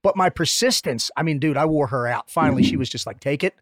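A man co-hosting a casual interview podcast, with a slightly raised pitch. He jokes, swears now and then and talks with animation. The sound is dry and close. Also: quick pace, no room sound. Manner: joking, profane, animated. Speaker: podcast co-host.

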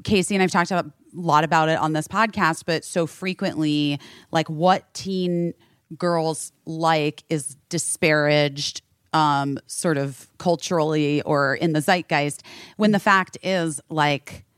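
A woman co-hosting a podcast, telling stories in a chatty, animated way. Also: deep voice, measured pace, clear, resonant tone, no room sound, studio quality. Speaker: podcast co-host. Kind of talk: casual chat.

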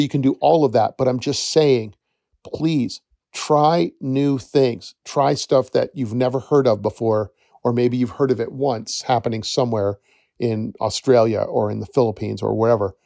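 A man's voice: medium pitch, gravelly, mellow, dry recording. A middle-aged man hosting a podcast, telling a story in a chatty, rambling way that often corrects itself mid-sentence. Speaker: podcast host, forest educator. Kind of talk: casual storytelling monologue.

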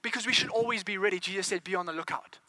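A male preacher delivers a fervent sermon in a high, piercing voice. He stacks rhetorical questions and repeats words as he gathers steam. The sound is dry and close. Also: very fast, sharp tone, no echo. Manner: repeats words as he builds momentum.

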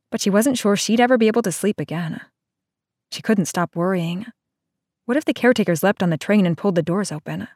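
An audiobook narrator reads a novel aloud in a scripted narration, keeping a steady, even storytelling manner. Her voice is mid-range, and the recording is dry with clean studio sound.

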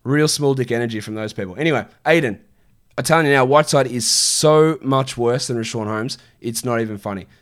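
Blunt, swearing fantasy basketball streamer. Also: male voice, medium pitch, a little fast. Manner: blunt, swearing, exasperated rants. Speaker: fantasy basketball streamer answering viewer questions. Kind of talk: casual livestream Q&A.

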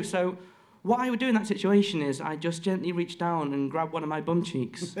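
A man with a fairly high voice tells a stand-up anecdote. His delivery is rambling and self-deprecating, with loose, chatty storytelling. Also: animated, moderate pace, hardly any pauses, darkish tone. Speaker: stand-up comedian.

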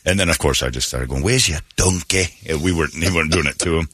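A man's voice: very deep voice, fast talker, dry recording, studio quality. A man hosting a morning radio show, telling a story in casual chat and laughing as he goes. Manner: animated, laughing, puts on voices in quotes. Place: radio studio.

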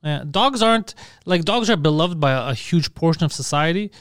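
Fast-talking joking man. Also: fairly high pitch, lively intonation, fairly bright tone, clean tone, no echo, clean studio sound. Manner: quick, joking, profane interjections. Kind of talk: casual banter.

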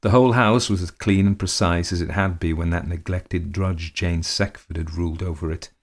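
Deep-voiced man reading a story. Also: fairly even intonation, moderate pace. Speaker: narrator. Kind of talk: reading a classic short story.

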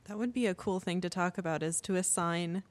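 A woman with a somewhat low voice chats casually as co-host and jumps in with quick remarks. Her voice sounds dry and close. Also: dry recording. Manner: casual, chatty, quick interjections. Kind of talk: podcast conversation.

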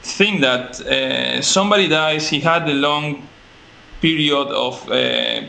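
A man's voice: a little high, slow pace, creaky, pushed and bright. A man in a casual podcast discussion, giving strong opinions with hesitant fillers. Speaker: podcast co-host.

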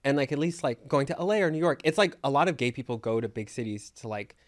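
A young man hosting a casual podcast chat, animated and quick to laugh, with loud swings in his voice. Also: mid-range voice, no room sound, studio quality. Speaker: podcast host. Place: campsite set.

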